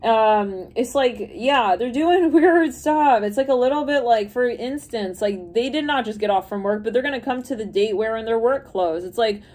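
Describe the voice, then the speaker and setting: A woman's voice: a little high, animated, normal speed, a little mellow. A woman giving a casual, rambling intuitive card reading, thinking aloud and laughing often. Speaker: tarot reader.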